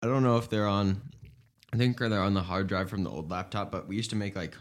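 Young male co-host, lower voice, easygoing rambling chat. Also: brisk. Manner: relaxed, rambling with fillers. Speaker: podcast co-host. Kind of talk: casual chat.

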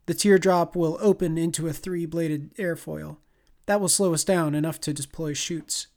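A man voicing a small, nonchalant woman engineer who talks in a flat monotone. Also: low-pitched, normal speed. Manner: deadpan, detached.

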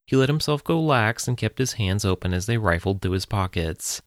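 Deep-voiced man narrating a story. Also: animated, moderate pace, dry recording, studio quality.

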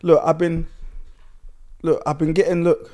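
A young man hosts a podcast, his voice sitting a little high for a man. He chats casually, hungover, laughing and tripping over his words. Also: flat delivery, a little slow, dark tone. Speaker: podcast host.

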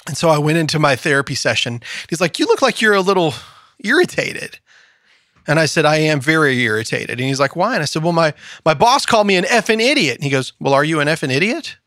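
Animated male podcast co-host, slightly high. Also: fast talker, no room sound, studio quality. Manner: animated storyteller, acts out quoted voices. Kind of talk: casual podcast conversation. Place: studio.

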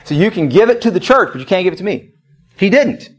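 A man's voice: high voice, big pitch swings, quick pace, husky. A man preaching a sermon to his congregation as pastor, telling stories and building to bold, emphatic declarations. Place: church service.

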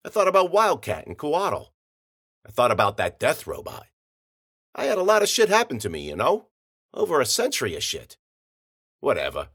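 A man narrating a hard-boiled first-person story in gritty, slangy speech with rough grammar. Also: mid-range voice, huge pitch swings, moderate pace, long pauses, a bit bright.

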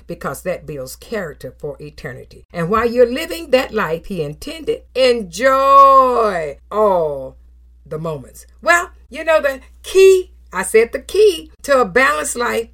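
A middle-aged woman preaching a sermon in an expressive, animated way, with affirming hums and laughter. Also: lowish voice.

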